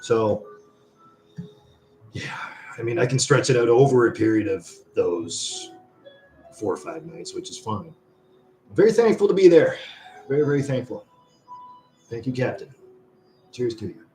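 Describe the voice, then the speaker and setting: A man with a lowish voice hosts a casual live stream, wandering through stories and cursing as he goes. His voice rings around a roomy, echoey space, with faint music playing underneath. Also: measured pace, pauses often, darkish tone. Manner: rambling, swears freely, storytelling. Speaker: livestream host.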